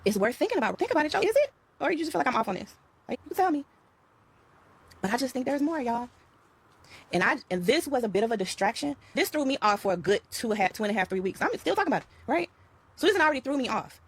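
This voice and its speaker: A middle-aged woman holds forth to her viewers in a casual spiritual vlog. Her voice sits high and swings widely in pitch, with a slightly husky edge. She leans on repetition and keeps calling out to her audience as y'all. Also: big pitch swings, quick pace. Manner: emphatic, repeats phrases, addresses viewers as y'all and child. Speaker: vlogger talking to her followers.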